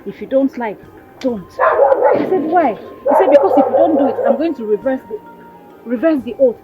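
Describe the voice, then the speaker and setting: A woman's voice: sits high, animated, normal speed. An actress playing a frustrated young village woman, speaking with a Nigerian accent and complaining angrily to her friend. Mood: exasperated. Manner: agitated, exasperated. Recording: dull sound with loud music behind.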